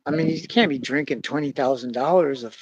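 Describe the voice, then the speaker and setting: A young man telling a story in casual, profane chat, swinging between loud bursts and quiet mutters. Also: medium pitch, fairly quick, husky, no echo, muffled recording. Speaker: podcast host.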